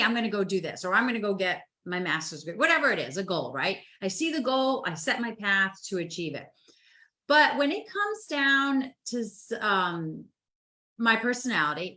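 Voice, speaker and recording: A woman co-hosting a casual live chat, telling animated stories that act out her own inner voice. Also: medium pitch. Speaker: co-host. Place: home, over a live stream.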